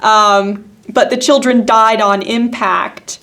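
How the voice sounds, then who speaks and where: A woman's voice: on the high side, steady tone, takes it slowly, fairly bright tone. A woman co-hosting a podcast in casual chat, skeptical and sarcastic. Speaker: podcast co-host.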